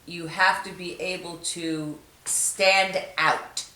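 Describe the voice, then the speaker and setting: A woman in casual chat, answering in a slow, easygoing way. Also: on the low side, fairly even intonation, bright, forceful tone, echoey room.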